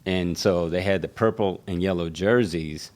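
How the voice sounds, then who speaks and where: A man's voice: sits low, moderate pace, a little mellow. A man, a barber, telling stories in a casual podcast conversation and acting out the voices of people he quotes.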